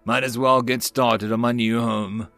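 A man's voice: mid-range voice, little pitch movement, a little slow, fairly bright tone, no room sound, soft background music. A man voicing a giant beaked alien ex-soldier who speaks in curt, formal, commanding sentences.

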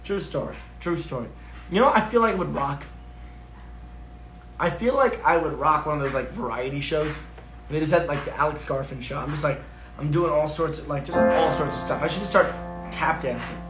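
A man hosting a livestream, chatting casually, playing songs and telling animated, self-deprecating stories. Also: a little high, normal speed, reverberant, soft background music. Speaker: livestream host.

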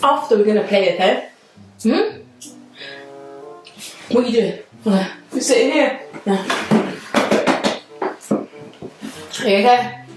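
A woman's voice: fairly high pitch, slow, long pauses, distant mic. A young woman filming a prank vlog with her dad, talking in a playful, pleading, giggly way. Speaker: family channel vlogger. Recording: echoey room, off-mic, music underneath.

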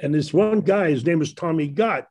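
An older man with a Brooklyn accent tells his stories in a loose, rambling way and breaks into laughter often. His voice sits a little high for a man. He speaks as a guest in casual conversation. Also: normal speed, a little mellow. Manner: rambling anecdotes with frequent laughter. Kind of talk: casual storytelling.

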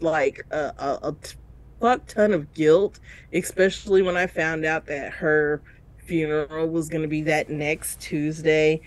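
Woman telling a heavy story with laughter. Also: sits low. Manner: emotional storytelling with big voiced reenactments, laughing through tears. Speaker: co-host of a reality show review podcast. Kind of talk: casual chat.

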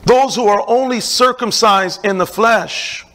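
A middle-aged man delivers a sermon as pastor. His voice sits high and sounds bright and forceful. He preaches in an emphatic, repeating cadence with loose conversational asides. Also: unhurried.

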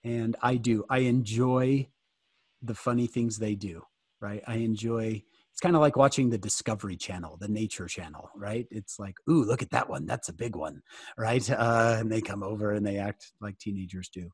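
A man's voice: on the low side, moderate pace, husky, no room sound, studio quality. A man giving a casual, joking fireside talk to youth over a video call, often asking his listeners questions. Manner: joking, animated, asks the audience questions. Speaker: guest speaker answering youth questions.

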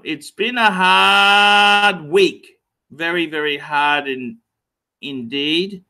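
A man in his forties rambles through a casual livestream, repeating himself and cursing in jest. His voice sits high and bright, and he talks slowly, dwelling on each phrase. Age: 40s. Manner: reads out donor messages. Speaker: livestream host.

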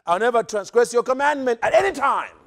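A preacher playing a resentful older son, whiny, ranting, complaining. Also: male voice, very high-pitched, lively intonation, a little fast, vocal fry, fairly bright tone, pitched above the performer's own voice, heavily acted. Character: resentful dutiful older son keeping score.

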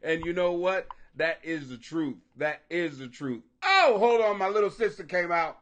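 A man with a high, bright speaking pitch talks casually to viewers. He is animated and profane, jokes constantly, laughs easily, and tangles himself up on unfamiliar names. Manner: animated, joking, profane, laughs often, stumbles over names.

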